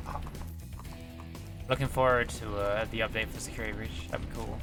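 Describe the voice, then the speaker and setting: A man streams himself playing a video game and talks through it casually. He yelps and cheers at each hit and miss. Game music plays loudly behind his voice. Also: mid-range voice, brisk. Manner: excitable, shouts and exclaims at the game. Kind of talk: casual gameplay commentary.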